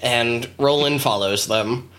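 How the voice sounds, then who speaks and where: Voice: medium pitch, takes it slowly, a bit bright. A podcast co-host in casual chat, recounting the episode in a wry way.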